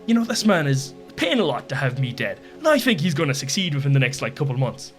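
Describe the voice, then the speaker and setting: A man's voice: medium pitch, big pitch swings, fast, soft background music, close to an everyday voice. A man voicing a boastful pirate captain who is offhand and threatening by turns. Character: cocky male pirate captain, brash and boastful.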